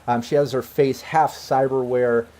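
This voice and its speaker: Brief: male game master, loose casual narration, mid pitch. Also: fairly even intonation, unhurried, mellow. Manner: casual, filler-heavy narration.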